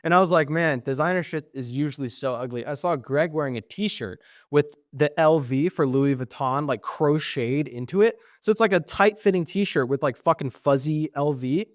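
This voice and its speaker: A man's voice: fairly high pitch, moderate pace, few pauses, no room sound, studio quality. A young man co-hosting a podcast, telling stories in casual chat, quoting others and swearing often. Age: young adult. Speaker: podcast co-host.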